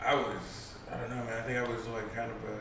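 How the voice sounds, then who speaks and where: A man's voice: medium pitch, little pitch movement, fast talker, a bit bright. A man in casual chat, telling stories in a rambling, profane way with many fillers. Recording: echoey room, voice far from mic, faint noise.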